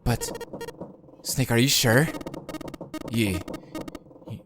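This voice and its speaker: A man doing a let's play of a visual novel, reading the text aloud and reacting excitedly. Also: medium pitch, moderate pace. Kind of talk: gameplay commentary and text reading. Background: game music.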